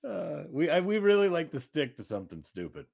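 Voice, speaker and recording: A man's voice: a little high, big pitch swings, fairly quick, vocal fry, darkish tone. A man co-hosting a podcast in casual, rambling, jokey chat, slipping into silly voices when he tells stories. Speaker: podcast co-host.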